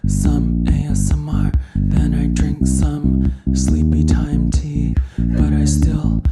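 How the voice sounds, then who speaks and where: A comedian voicing a breathy whisper-singing young female pop star in a whispered role-play, with hushed, drawn-out sung phrases over a guitar. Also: extremely low pitch, fairly even intonation, voice pushed down. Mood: droning. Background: guitar accompaniment.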